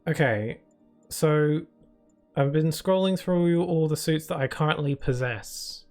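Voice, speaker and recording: Guy streaming a game, chatty and playful, lots of uh's, voice a bit high, game music faint behind. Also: measured pace, a little mellow. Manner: chatty, playful, answers chat with many fillers. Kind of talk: casual live-stream chat.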